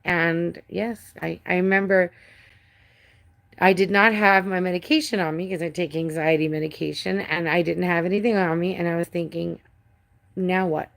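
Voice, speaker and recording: A woman's voice: on the low side, fairly even intonation, moderate pace, vocal fry. A middle-aged woman hosting a casual live stream from home, rambling, restarting sentences and swearing now and then. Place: home with a cat.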